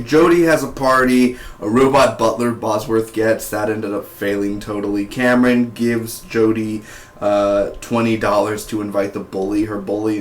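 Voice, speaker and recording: A man's voice: fairly low pitch, reverberant. A man giving a casual spoken review of a TV series, rambling and full of "like" and "you know".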